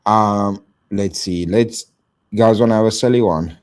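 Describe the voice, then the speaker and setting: Low-voiced, slangy man streaming live. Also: a little slow, a little mellow. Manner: slangy, swears, thanks chat donors. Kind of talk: casual live-stream chat.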